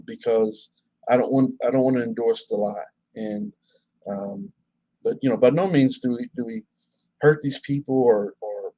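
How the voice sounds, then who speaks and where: Male preacher, mid-range voice, measured and earnest, dry close recording. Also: medium pitch, a little mellow, husky, dry recording, rough recording. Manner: measured, earnest, with many restarts. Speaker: Muslim preacher. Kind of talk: casual conversation.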